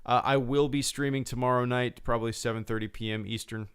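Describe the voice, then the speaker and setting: A man's voice: mid-range voice, fairly even intonation, fast talker, fairly bright tone, smooth. A man hosting a live stream, chatting casually in a rambling, laid-back way and swearing now and then. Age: adult, a father.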